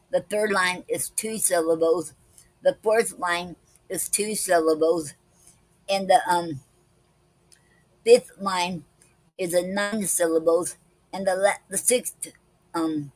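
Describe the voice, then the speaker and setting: A woman's voice: fairly low pitch, no room sound, rough recording. A woman hosting a poetry club live stream, reading poems and explaining a poetic form and a word of the day, with frequent "okay"s between parts. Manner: slow, careful reading with many "okay"s.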